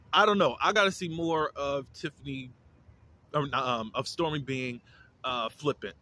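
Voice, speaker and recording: A man's voice: medium pitch, sharp tone, a little hiss or hum. A man giving a casual, opinionated recap of a TV episode, with lots of fillers and restarts. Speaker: reality TV reviewer.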